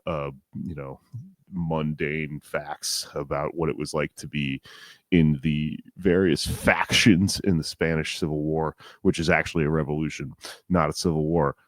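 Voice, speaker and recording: A man in his forties co-hosting a podcast, chatting casually in a rambling, animated and profane way. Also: rumbling low, measured pace, dry recording, clean studio sound. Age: 40s. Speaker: podcast co-host.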